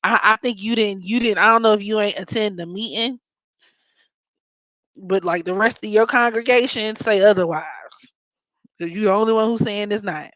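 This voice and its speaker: A woman with a Baltimore accent talks casually and bluntly, swearing freely and joking as she goes. Her voice sits at a middle pitch. The recording is close and dry, with no room sound. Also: normal speed, pauses often, fairly bright tone, no room sound, poor audio. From Maryland. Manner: blunt, profane, joking, playful mock voices. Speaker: astrology podcast host. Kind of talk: casual chat.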